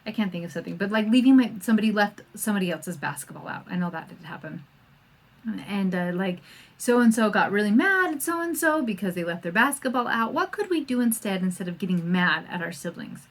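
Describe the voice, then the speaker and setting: A middle-aged woman talks through her homeschooling podcast in a chatty, animated way. She slips into small acted-out voices whenever she quotes someone. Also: medium pitch, a little fast. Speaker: podcast host and homeschool coach. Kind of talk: casual podcast talk.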